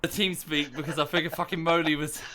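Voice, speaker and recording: A man streaming and telling a story over voice chat, animated and swearing freely, talking into a headset. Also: on the high side, fast, crowd noise. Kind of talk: casual voice-chat banter.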